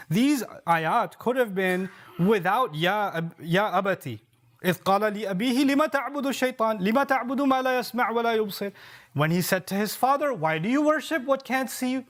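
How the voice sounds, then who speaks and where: A man preacher giving a sermon, explaining verses through rhetorical questions and repeated key points, with quick Arabic recitation. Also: high-pitched, fairly bright tone.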